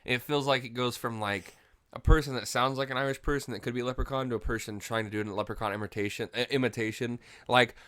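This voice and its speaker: A man's voice: medium pitch, quick pace, dry recording, clean studio sound. A tipsy young man co-hosting a movie review podcast, chatting casually with lots of swearing and mocking the characters. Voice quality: animated, swearing, mocks characters with voices. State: tipsy from drinking.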